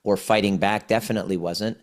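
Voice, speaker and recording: A man's voice: lowish voice, fairly even intonation, fairly quick. A man in his forties, a guest on a podcast interview, explaining things earnestly and often restarting his phrases. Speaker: podcast guest, trauma healing coach.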